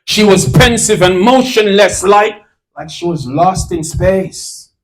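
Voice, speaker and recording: A man's voice: sits high, slow, recorded from a distance, poor audio. A man from Jamaica with a Jamaican accent, performing spoken word poetry live with a rhythmic, dramatic, rhyming delivery. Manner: rhythmic, dramatic recitation with rhymes. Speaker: performance poet. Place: live event at a swap meet.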